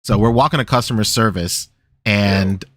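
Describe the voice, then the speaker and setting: A man's voice: on the low side, normal speed, no room sound. Dry-sounding laughing male podcaster. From Philippines. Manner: animated storyteller, laughs often. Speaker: podcast co-host. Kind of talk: casual chat.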